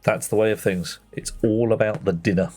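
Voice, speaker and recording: A man's voice: fairly low pitch, fairly even intonation, brisk, darkish tone, faint music behind. A man chatting playfully with viewers while playing a game on a livestream, greeting them by name. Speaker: streamer. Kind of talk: casual livestream chat while gaming.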